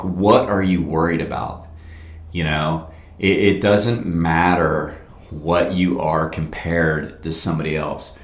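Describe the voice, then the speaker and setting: A man hosting a fitness podcast, talking casually and bluntly with lots of fillers and rambling asides. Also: low-pitched. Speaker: fitness coach and podcast host. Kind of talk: casual solo podcast talk. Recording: roomy echo.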